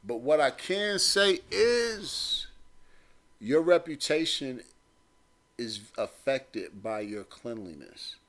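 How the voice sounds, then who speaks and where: A man's voice: mid-range voice, sing-song, takes it slowly, fairly bright tone. A man hosting a talk show, giving blunt, streetwise advice and repeating his points for emphasis. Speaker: podcast host.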